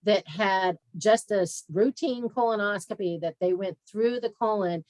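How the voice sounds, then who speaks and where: A woman's voice: mid-range voice, normal speed, no room sound, rough recording. A woman guest speaker, a health practitioner, telling her story candidly and acting out conversations on a video call. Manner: candid and animated, acts out conversations. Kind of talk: frank personal storytelling in an interview.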